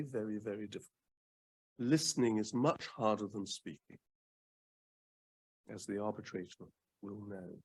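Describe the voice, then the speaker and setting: Husky older man talking advocacy. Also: on the low side. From United Kingdom. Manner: measured, repeats words for emphasis, frequent ums. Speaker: guest speaker, former advocate. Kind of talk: fireside chat on advocacy.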